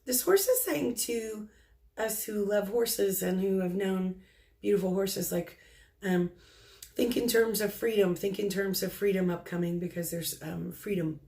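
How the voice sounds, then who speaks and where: Speaking at a medium pitch, a middle-aged woman who works as a psychic medium conveys spirit messages. She is soft-spoken and halting, pausing and restarting many times.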